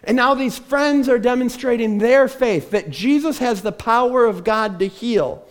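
A man's voice: very high-pitched, unhurried. A man preaching a sermon from a church stage, telling the story with animation and acting out the voices of the people in it. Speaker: pastor.

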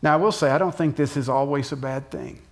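Middle-aged male pastor, slightly high voice, conversational sermon delivery, quiet low drops for emphasis. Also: fast talker. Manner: conversational, dips soft and low for emphasis, jumps up for acted shouts.

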